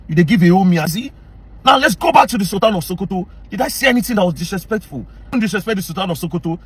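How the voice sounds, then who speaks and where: A Nigerian social media commentator rants angrily straight to camera, fast and heated, confronting his audience while mixing English with Pidgin in Pidgin-inflected English. His voice is high-pitched, a bit bright and slightly rough, with big pitch swings.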